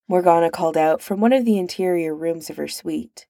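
Gravelly, low-voiced woman narrating. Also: normal speed, hardly any pauses, dark tone, no echo, studio quality. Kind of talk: audiobook fiction reading.

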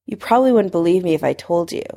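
Young male wizard voiced by a woman, storybook reading, wary, blunt, lively intonation. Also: lowish voice, fast talker, creaky. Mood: guarded.

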